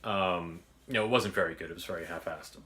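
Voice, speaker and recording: A man's voice: low voice, quick pace, pushed and bright. A man telling a casual story about making his sketch, rambling with lots of restarts and fillers and casual swearing. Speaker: filmmaker recounting his sketch.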